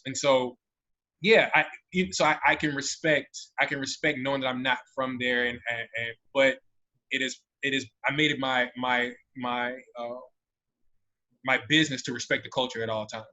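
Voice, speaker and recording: American man telling a story, bright voice. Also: medium pitch, moderate pace. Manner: animated, with many restarts. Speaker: panelist. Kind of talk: storytelling in a panel talk. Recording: dull lo-fi audio.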